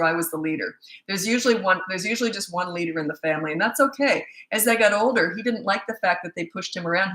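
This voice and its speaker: An older woman, a parenting coach, answering viewer questions in a quick, chatty live-stream Q&A from a phone. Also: mid-range voice, bright, forceful tone. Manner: fast-talking, chatty. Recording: echoey room.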